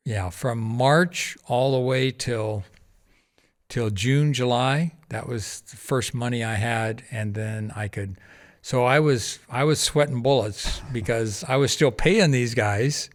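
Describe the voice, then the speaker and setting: A man being interviewed on a podcast, telling a lively anecdote and acting out the other people's lines with frequent laughter. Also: mid-range voice, takes it slowly. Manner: animated anecdote-telling, acting out quoted voices, laughs often. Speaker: podcast guest, charity founder. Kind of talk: casual storytelling interview.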